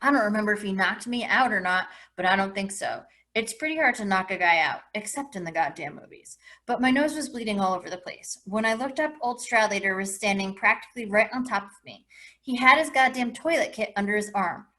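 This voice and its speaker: A woman English teacher reading a first-person novel aloud to her class with expressive delivery. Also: medium pitch, a little fast.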